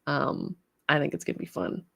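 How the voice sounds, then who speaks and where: A woman with a Canadian accent, hosting a casual livestream, bubbly and quick to laugh as she chats with viewers. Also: low-pitched, sing-song, creaky, fairly bright tone, no room sound, clean studio sound. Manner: bubbly, reads chat comments aloud and laughs often. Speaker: livestream host, studio owner.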